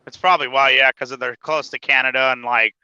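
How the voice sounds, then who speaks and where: A man's voice: mid-range voice, steady tone, fast talker, pushed and bright, clean tone, dry recording, lo-fi sound. A man in casual chat who swears constantly, laughs a lot and stumbles over his words while driving his truck. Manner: profane, laughs often, stammers when telling a story. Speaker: podcast host.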